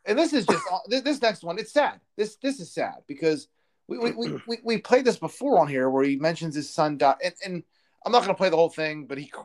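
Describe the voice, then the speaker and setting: A man co-hosting a podcast in loose political chat, his voice sitting a bit high and swinging all over the place. He talks animatedly, tripping over restarts as he gets heated. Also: fairly quick. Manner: animated, stammering restarts when worked up. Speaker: podcast co-host.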